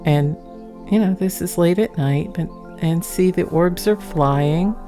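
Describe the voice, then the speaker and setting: A woman's voice: on the low side, unhurried, music in the background. A woman narrating her own home footage in a chatty, rambling way, laughing now and then. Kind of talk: casual voice-over narration.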